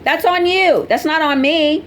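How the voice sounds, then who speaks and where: Woman, vlogger, blunt and preachy, fairly high voice, faint background noise. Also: unhurried. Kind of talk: casual direct-to-camera talk.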